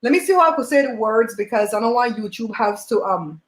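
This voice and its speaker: A woman's voice: fairly high pitch, lively intonation, a little fast, a little hiss or hum. Chatty woman storyteller, roomy laptop sound. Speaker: host. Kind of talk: casual chat while eating on a livestream. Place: home. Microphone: laptop mic. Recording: roomy home room on laptop mic.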